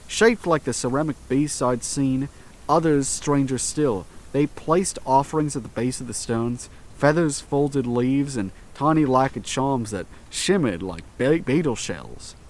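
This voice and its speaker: Man, horror story narrator, slow and tense, dramatic pauses, mid-pitched voice. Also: slight background noise.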